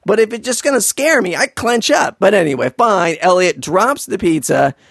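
A man's voice: high voice, lively intonation, normal speed, creaky, fairly bright tone, no echo, clean studio sound. A man doing a sarcastic, exasperated comedic recap of a film, swearing freely.

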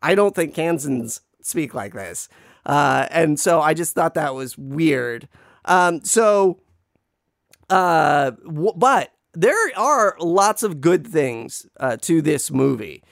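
A man's voice: a little high, animated, takes it slowly, gravelly, no echo, studio quality. Rambling man reviewing a film. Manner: rambling, full of fillers and restarts; wry, playfully griping. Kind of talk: casual movie review chat.

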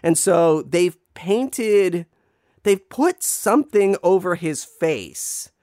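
A man's voice: sits high, animated, takes it slowly, darkish tone, no echo, clean studio sound. A man casually reviewing a movie, rambling with many fillers and restarts, wryly griping. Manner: wry, playfully griping. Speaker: film reviewer.

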